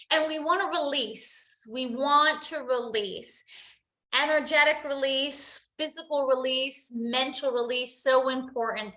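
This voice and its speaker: Lady giving a slow motivational talk, echoey room, keeps saying right?. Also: high voice, bright, forceful tone. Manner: earnest, repeats phrases, asks "right?" often. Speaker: host, coach.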